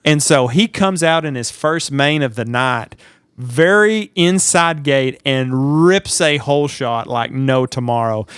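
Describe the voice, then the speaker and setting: A man co-hosting a podcast, telling stories in a lively, animated way and acting out the people in them. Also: mid-range voice, measured pace, clean tone, no echo. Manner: animated storyteller, acts out shouts and quotes. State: sleep deprived. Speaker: podcast co-host. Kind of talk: casual chat.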